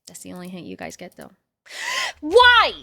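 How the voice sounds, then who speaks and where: A young adult woman streamer chatting casually to her viewers, talking to herself and swearing, sometimes loud. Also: lowish voice, big pitch swings, racing, vocal fry, no room sound. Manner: talks to herself and to chat, swears, swings loud. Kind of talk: casual chat.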